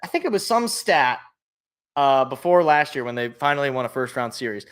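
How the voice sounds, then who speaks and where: A man hosting a casual sports podcast, talking in an animated, jokey way and thinking aloud. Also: mid-range voice, brisk, clean tone. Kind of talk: casual chat.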